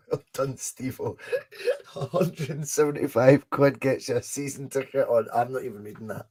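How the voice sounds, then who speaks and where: A young Scottish man hosting a live fan watchalong, chatting casually, reacting excitedly to the match and answering viewers' comments. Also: medium pitch, unhurried, pauses often, breathy edge. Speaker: podcast host doing a live fan watchalong.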